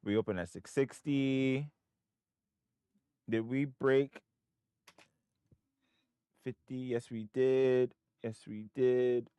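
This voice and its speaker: A man's voice: mid-range voice, steady tone, takes it slowly, long pauses, mellow, clean tone, no room sound. A man hosting a live trading stream from home, thinking aloud in casual, rambling commentary. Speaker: livestream trading host. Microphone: desk microphone, wearing headphones.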